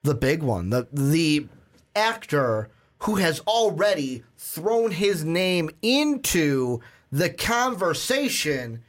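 A man co-hosting a casual film podcast, animated and steering the talk, with frequent "um"s. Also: fairly high pitch, slow. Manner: animated, steers the conversation with many "um"s. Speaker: podcast co-host. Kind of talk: casual chat.

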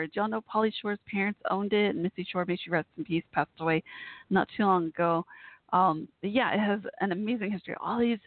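A woman with a mid-range voice hosts a laid-back live call-in show, rambling amiably with plenty of fillers and false starts. The audio has a thin phone-line quality with no room sound.

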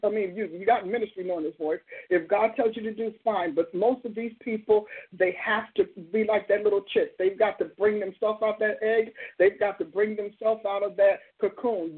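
Woman pastor in her sixties, husky, emphatic preacher's cadence, tinny phone-like line. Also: medium pitch. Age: 60s. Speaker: pastor and call-in show host. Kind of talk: live call-in counsel and prayer.

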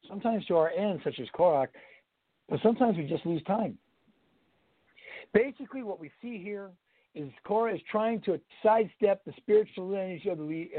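A man's voice: high voice, no echo. A man giving a Bible study lecture as instructor, emphatic, blunt and preachy. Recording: tinny phone-like, dry sound.

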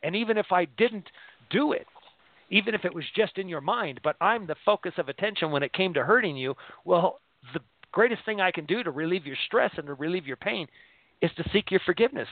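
A man's voice: sits high, lively intonation, fairly quick, dry recording. A man hosting a casual faith discussion, talking earnestly and rambling, often repeating words as he thinks. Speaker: show host discussing scripture. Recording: tinny phone-line sound.

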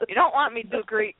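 A woman's voice: a little high, slightly rough, no echo. A woman from Chicago co-hosting a podcast in casual chat, joking and laughing between remarks. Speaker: podcast co-host. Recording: dry, tinny phone-like line.

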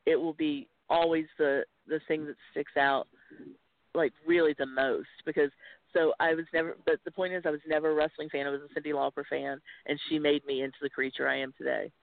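A woman's voice: sits low, flat delivery, brisk, vocal fry, no room sound. A woman in her forties from North Carolina with a Southern accent, chatting and laughing as a podcast guest. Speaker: guest, wrestling commentator. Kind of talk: casual podcast chat. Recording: tinny phone-line audio.

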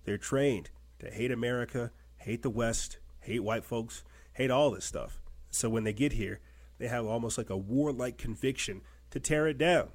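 A man's voice: medium pitch, normal speed. Emphatic man hosting a commentary show. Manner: emphatic, repetitive rhetorical questions. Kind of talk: political commentary reading news articles.

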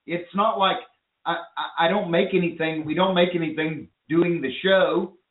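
A man's voice: on the high side, normal speed. A man hosting a call-in radio talk show, talking with enthusiasm and rambling with restarts. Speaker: show host. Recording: phone-line audio in an echoey room.

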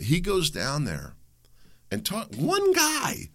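A middle-aged man, hosting a solo show and ranting in a heated, combative way that climbs into shouts. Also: high voice, wildly swooping pitch, slow pace. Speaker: podcast host. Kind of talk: opinionated solo monologue.

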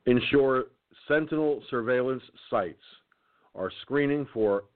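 Over a thin, phone-like line, a medium-pitched man keeps yawning while hosting an internet radio show. He reads a document in a halting way, stumbling and restarting words, and breaks in with remarks of his own.

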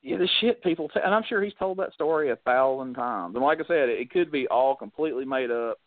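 A man co-hosting a wrestling podcast tells a story in casual chat, switching into quoted voices for the other people involved. His mid-range voice is animated and fairly quick, and the audio is dry, thin and phone-like, with no room echo.

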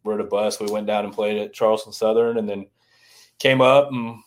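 Guest type: low monotone Southern man, chatty coach, rambles. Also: normal speed. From American South. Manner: rambling, many restarts and "you know"s. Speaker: former college baseball strength coach, guest. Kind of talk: casual podcast interview.

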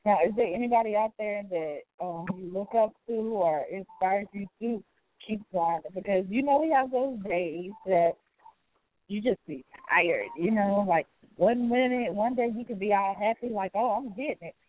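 A woman's voice: mid-range voice, normal speed. A woman hosting a talk show, upbeat and encouraging, laughing often as she interviews a guest. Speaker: radio show host. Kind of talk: casual interview. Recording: tinny phone line.

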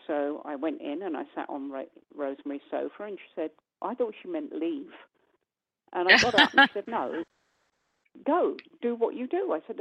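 On a tinny phone line, a low-pitched woman from the UK shares a lengthy personal story as a guest medium on call-in radio. She's animated and performs the quoted dialogue in different voices.

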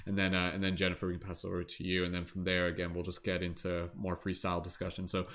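Deep-voiced man hosting a group call. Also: monotone, quick pace. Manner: affirming, gently stammering. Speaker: podcast host.

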